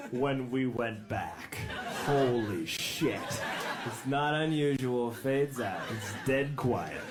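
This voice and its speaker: A man doing stand-up, telling a long story with lively delivery and sung snippets. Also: mid-range voice, slow pace, over loud music. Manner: animated, sings song snippets. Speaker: stand-up comedian.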